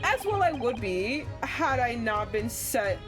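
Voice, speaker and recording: Woman playing a theatrical gentleman detective. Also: fairly high pitch, sing-song, takes it slowly, over music. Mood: grandiose. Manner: grandiose and polite. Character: eccentric theatrical male detective.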